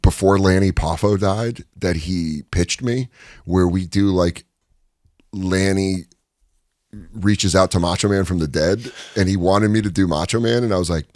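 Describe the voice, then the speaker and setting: A man telling stories as a guest in a studio interview, chatty and animated, acting out the people he quotes. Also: a little slow, no echo. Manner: animated, chatty, acts out quotes with lots of pitch swings. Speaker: guest, stand-up comedian. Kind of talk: casual storytelling in an interview. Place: podcast studio.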